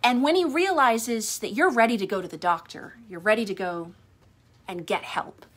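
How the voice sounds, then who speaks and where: A woman's voice: fairly high pitch, moderate pace, fairly bright tone. A woman who works as a trauma recovery coach, giving earnest, pointed advice in a monologue.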